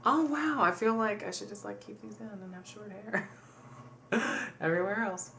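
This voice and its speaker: A man's voice: high-pitched, normal speed, vocal fry, bright, forceful tone, slight background noise. A man chatting casually and candidly to camera as a vlogger, jokey and easily sidetracked. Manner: chatty, candid, jokey, drifts off mid-sentence.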